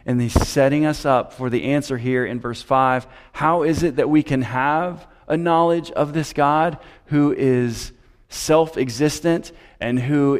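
A man preaching an expository sermon, measured and emphatic, with rhetorical questions and repeated phrases. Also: medium pitch. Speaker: pastor. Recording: long hall reverb.

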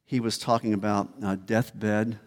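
A man's voice: on the low side, little pitch movement, a little slow. Emphatic male pastor. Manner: emphatic, repeats key words. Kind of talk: sermon. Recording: long hall reverb.

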